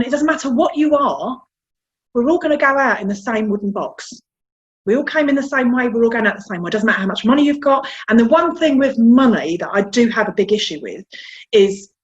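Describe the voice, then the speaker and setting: Guest, woman, South London accent, chatty and candid, self-deprecating, slightly muffled recording. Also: a little high. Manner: chatty, frank, self-deprecating, repeats words. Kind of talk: candid interview chat.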